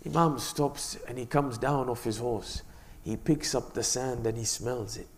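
A male preacher narrating a religious story in a sermon, in an earnest, measured storytelling manner. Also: mid-range voice, slight background noise.

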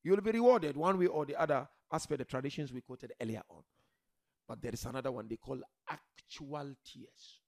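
A man preaching a religious sermon to a seated gathering, emphatic, swinging from loud declarations to quiet murmurs and addressing the listeners directly. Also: mid-range voice, moderate pace. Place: gathering hall with a seated audience.

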